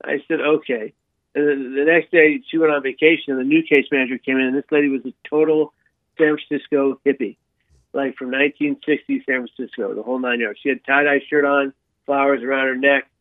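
A man's voice: mid-range voice, a little fast, no echo. Tinny-sounding man telling a story. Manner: animated storyteller, frequent restarts and repetitions. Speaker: guest sharing his life story. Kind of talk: storytelling in an interview. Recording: dry tinny phone-like sound.

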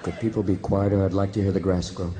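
Comedian doing a whispery deep-voiced golf announcer, prissy, mock-solemn, noisy live tape. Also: male voice, level tone, quick pace, lightly acted. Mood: hushed. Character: hushed male golf commentator, prissy.

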